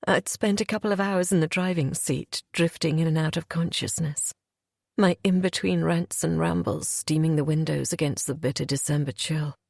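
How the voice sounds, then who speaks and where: A woman's voice: low voice, normal speed, vocal fry, darkish tone, no echo. A woman reading a first-person audiobook in an emotional, confessional way, close to a studio mic. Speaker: audiobook narrator.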